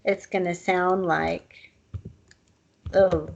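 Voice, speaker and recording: A woman leads a recorded online language lesson, explaining phrases in a relaxed, chatty way. Her voice sits low and has a gravelly fry to it. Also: unhurried, lo-fi sound. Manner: casual, chatty teaching with fillers and asides. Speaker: language teacher.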